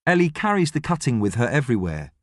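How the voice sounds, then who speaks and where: A man narrating an audiobook with an expressive storytelling delivery. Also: medium pitch, quick pace, dry recording. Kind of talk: scripted narration. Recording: dry studio sound.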